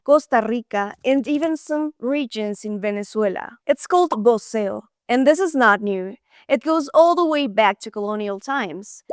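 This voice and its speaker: A woman's voice: mid-range voice, smooth, dry recording, studio quality. A woman teaching Spanish in a chatty, friendly-explaining way, often saying "like". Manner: chatty, frequent "like" fillers. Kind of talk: explaining lesson to camera.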